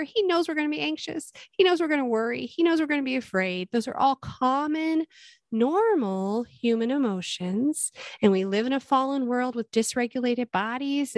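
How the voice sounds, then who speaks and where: A middle-aged woman talking in an earnest, gentle and explanatory way as a guest in a casual conversation. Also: sits high, no room sound. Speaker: guest sharing her faith and experience with anxiety.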